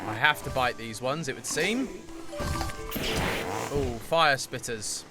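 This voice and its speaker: A young man commentates live as he plays a game, chatting and joking at himself with lively reactions. His voice sits in a middle pitch. Game music plays clearly behind him. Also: slow pace. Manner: chatty, self-mocking, animated reactions. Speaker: streamer.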